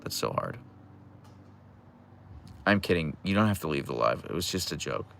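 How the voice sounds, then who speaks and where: A man's voice: rumbling low, lively intonation, fast talker, gravelly, fairly bright tone, slight background noise. A young man from the Pittsburgh area hosting a casual livestream, reading out chat messages and answering with teasing, dry jokes. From Pittsburgh area, USA.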